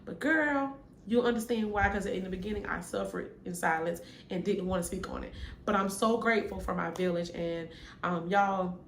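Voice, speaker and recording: A woman's voice: medium pitch, moderate pace. A young adult woman, talking to camera in an earnest, casual story-time vlog and repeating phrases for emphasis. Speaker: vlogger. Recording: echoey room with faint background hum.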